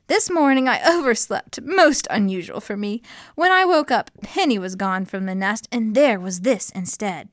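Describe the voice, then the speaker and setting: A woman's voice: expressive, moderate pace, no echo, studio quality, close to an everyday voice. A woman voicing a worried mother hen who fusses over her missing egg. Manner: high, fretful clucking.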